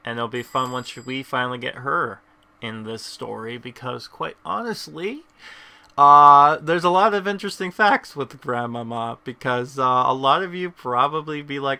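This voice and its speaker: A man talks through his mobile game session as the channel's host, his voice very bright and cutting. He rambles casually, circling back and restarting his thoughts. His pitch sits in an ordinary middle range. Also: moderate pace, creaky. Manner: rambling, lots of fillers and restarts. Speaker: gameplay host. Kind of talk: casual gameplay commentary.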